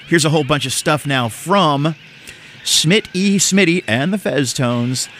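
A man's voice: a little high, a little slow, a bit bright, a little hiss or hum. A man hosting a casual radio show, chatting loosely with fillers and jokes. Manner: loose, joking, lots of fillers, mock announcer voice for the PSA. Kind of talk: casual college radio chat. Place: radio studio.

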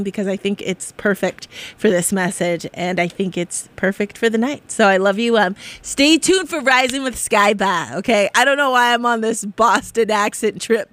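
A woman's voice: medium pitch, fairly bright tone, no echo. A woman hosting a casual spiritual talk, rambling and encouraging, often breaking into laughter. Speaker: spiritual podcast host.

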